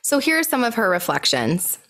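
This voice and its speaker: A woman's voice: on the high side, big pitch swings, brisk, a bit bright. A young adult woman, a birth coach, telling a story in casual podcast chat with passionate, emphatic delivery.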